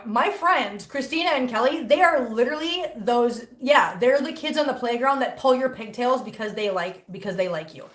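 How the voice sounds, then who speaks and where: A middle-aged woman's voice, on the high side and a bit bright, carries through an echoey home room. She hosts a cat channel and chats casually about her cats on a livestream, reading comments aloud and teasing.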